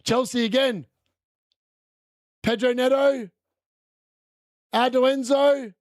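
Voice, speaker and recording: A man hosting a live fantasy football watchalong, chatting through the games and shouting when goals go in. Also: very high voice, steady tone, takes it slowly, no room sound, clean studio sound.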